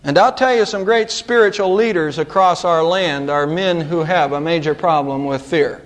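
A middle-aged pastor with a notably high voice preaches a dramatic, earnest sermon from the pulpit at normal speed. He raises his pitch sharply for emphasis, then lets it drop low and quiet.

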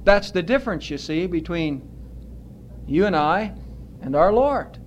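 A man preaching a sermon as pastor, earnest and emphatic, stretching out his words with pauses. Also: high-pitched, animated, highs cut off, a little hiss or hum.

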